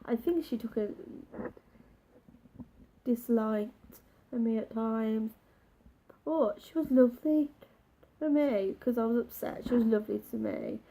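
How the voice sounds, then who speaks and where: A woman telling a personal story in a halting, emotional way, with many restarts. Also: on the high side, gravelly, dark tone, slight background noise, low-quality recording. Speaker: vlogger.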